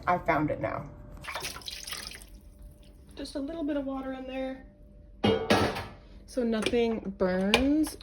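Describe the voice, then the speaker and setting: A woman's voice: mid-range voice, noisy background. A young woman chatting casually and rambling, swearing freely as she shows yarn and dyes it at home. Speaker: vlogger, yarn dyer.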